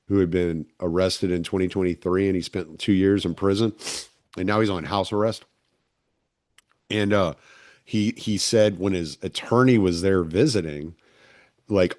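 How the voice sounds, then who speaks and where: A man hosting a relaxed conversation, rambling with lots of filler words. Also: deep voice, dry recording, studio quality. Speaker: podcast host. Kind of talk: casual conversation.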